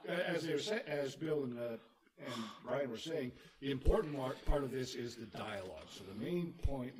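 A man who filmed the project chats and explains technical points in a matter-of-fact way. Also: medium pitch. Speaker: filmmaker and crew. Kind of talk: casual chat. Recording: echoey room with crowd behind.

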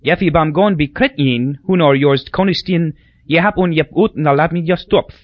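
A man's voice: medium pitch, very animated, normal speed, no room sound, voice pushed up. A man voicing an eccentric male self-made preacher speaking a thick made-up island dialect. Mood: earnest. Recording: dull dry lo-fi recording.

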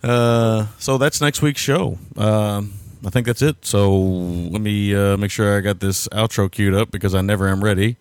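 A man's voice: on the low side, fairly even intonation, moderate pace, hardly any pauses, clean tone, no echo. A man co-hosting a casual film podcast from home, laid-back and laughing often. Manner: laid-back, laughs a lot, hesitant with fillers. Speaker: podcast co-host. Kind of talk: casual chat. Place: home, son playing nearby.

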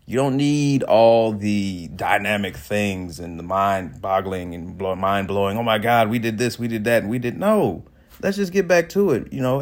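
A man in his late thirties from the Chicago suburbs, telling a story in a casual vlog and laughing often as he goes. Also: mid-range voice. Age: late 30s. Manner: animated, laughs often, swings from loud excitement to quiet asides. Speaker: vlogger.

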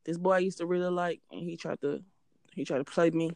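A woman's voice: fairly low pitch, steady tone, fairly quick, creaky, a little mellow, no echo. A young woman co-hosting a casual podcast, talking bluntly with profane jokes. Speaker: podcast co-host.

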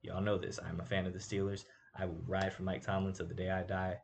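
A man with a deep, low voice gives casual football commentary as host of his show. He argues his points emphatically, throwing in rhetorical "right?" asides. A faint hiss sits under the recording. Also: level tone, fast, vocal fry.

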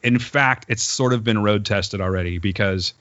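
A man telling a story in casual podcast chat. He is animated, swears, and laughs as he talks. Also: on the low side, normal speed, no room sound. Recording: dull, lo-fi recording.

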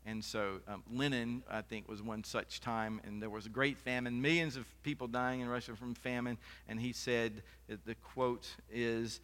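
A man's voice: medium pitch, steady tone, normal speed, hardly any pauses, fairly bright tone. A man preaching a sermon as pastor, in a conversational style with off-the-cuff asides. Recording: long reverb of a hall.

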